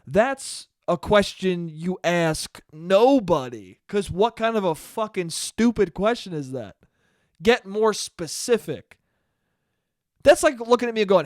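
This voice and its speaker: A man's voice: high voice, lively intonation, measured pace, no echo, clean studio sound. A man hosting a solo podcast, telling stories in a profane, exasperated, mocking rant. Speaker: podcast host. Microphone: podcast microphone.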